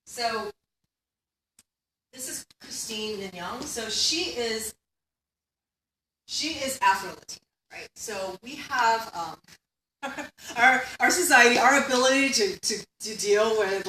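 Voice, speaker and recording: A woman gives a keynote lecture with a bright, sharp tone. She talks conversationally and keeps asking the room "right?" She is picked up from a distance in an echoey hall with faint hiss. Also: medium pitch. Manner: conversational, tags points with "right?". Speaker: keynote speaker, academic. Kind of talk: conference lecture.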